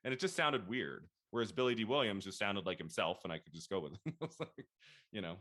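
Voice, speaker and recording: A man in his thirties hosting a casual film discussion, chatty and animated, laughing often as he quotes his own reactions. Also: on the low side, quick pace. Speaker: podcast host.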